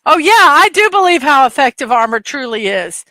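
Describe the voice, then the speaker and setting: A middle-aged woman hosts a relaxed livestream chat at her home computer desk, laughing and using many fillers as she tells rambling stories. Her high voice is sing-song, pushed and bright, at a moderate pace, with no room sound.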